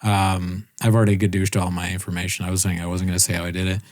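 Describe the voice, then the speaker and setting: A man co-hosting a casual podcast tells a story with animated, swearing delivery, laughing often and imitating the people he quotes. His voice sits low and he talks at a quick pace.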